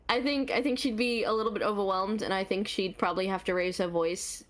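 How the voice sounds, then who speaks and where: A woman's voice: medium pitch, fairly even intonation, normal speed. A woman with an Australian accent, a voice actor answering convention panel questions in a bubbly way, laughing and repeating herself for emphasis. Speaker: voice actor guest.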